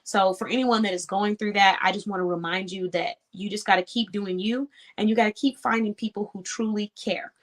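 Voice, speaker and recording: A woman's voice: mid-range voice, steady tone, fairly quick, hardly any pauses. A woman hosting an online show, giving an earnest, encouraging talk to small business owners in a casual, conversational way. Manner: earnest, encouraging, laughs easily. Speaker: host.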